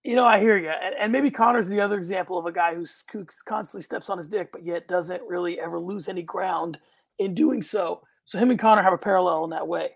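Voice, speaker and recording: A man's voice: high-pitched, fast talker, vocal fry, no room sound. A man hosting a casual podcast chat, talking in a dry, matter-of-fact way. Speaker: podcast host.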